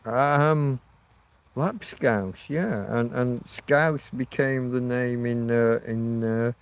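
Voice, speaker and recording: A man's voice: mid-range voice, extremely slow, smooth. A man hosting a casual livestream, chatting loosely with viewers and reacting to their comments. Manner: meandering, reacts to chat, self-mocking asides. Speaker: livestream host. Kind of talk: rambling livestream chat with viewers. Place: living in Spain.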